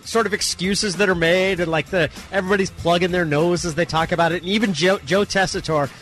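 A man co-hosting a sports radio show in casual chat, animated and opinionated. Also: high voice, quick pace, faint music behind.

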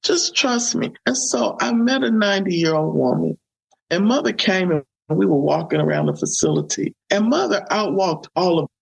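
A woman testifies as an interview guest with a gravelly, husky voice. She talks fervently, repeating her phrases the way a preacher would. Her tone stays conversational the whole time. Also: fairly low pitch, expressive, moderate pace, rough recording. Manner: fervent, repetitive, preacher-like emphasis. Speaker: guest, community ministry founder.

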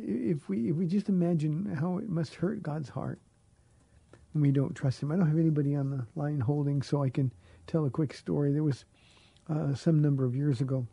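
A man's voice: on the high side, vocal fry, dark tone, breathy edge, no echo. A middle-aged man, a pastor answering listeners' questions on a call-in radio show, earnest and often repeating words as he searches for the phrasing.

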